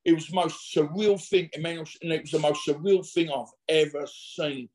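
A middle-aged man talks in a rambling, slangy way, stopping and restarting as he acts out what others said. His voice sits a little higher than most men's. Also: fairly even intonation, normal speed, darkish tone. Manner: rambling and slangy, full of restarts and acted-out quotes. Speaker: interview guest. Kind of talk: casual anecdotal storytelling.

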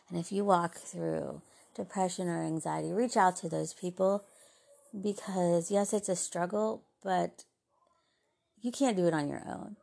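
A woman hosting a podcast, giving an earnest, heartfelt, faith-based talk of encouragement that often softens into gentle asides. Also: fairly low pitch, a little slow, gravelly. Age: adult mother. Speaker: podcast host.

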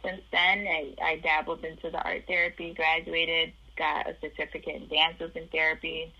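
A woman's voice: low-pitched, level tone, normal speed, pushed and bright, breathy edge, lo-fi sound. A woman from the Chicago area telling her life story in an interview, acting out the voices of the people in it.

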